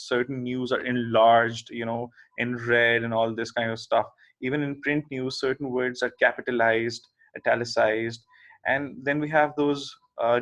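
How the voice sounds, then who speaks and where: A man's voice: medium pitch, fairly bright tone, rough recording. Man giving a recorded logic lecture. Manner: explanatory, checks in with "okay?" and "right?".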